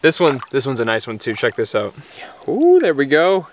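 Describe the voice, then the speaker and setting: Excitable man fishing a creek. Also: mid-range voice, moderate pace, a little hiss or hum. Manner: excitable, exclaiming, laughing often. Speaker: fly fishing vlogger. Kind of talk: excited outdoor vlog commentary. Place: outdoors by a creek.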